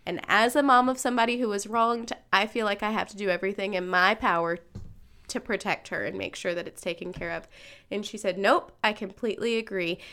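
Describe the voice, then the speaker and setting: Bright-voiced woman telling a story. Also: mid-range voice. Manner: conversational, acts out quoted voices. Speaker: podcast co-host. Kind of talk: casual storytelling chat.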